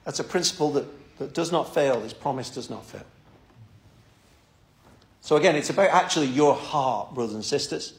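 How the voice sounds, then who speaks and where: A man's voice: mid-range voice, animated, normal speed, pauses often, roomy sound. A man preaching a sermon and leading prayer, talking earnestly and often repeating words as he starts a thought.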